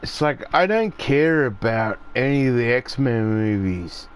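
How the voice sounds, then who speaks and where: A man ranting casually and profanely as he plays, his voice jumping high when he gets riled up. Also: animated, measured pace, clean tone. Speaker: gaming streamer. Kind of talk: casual rant while playing.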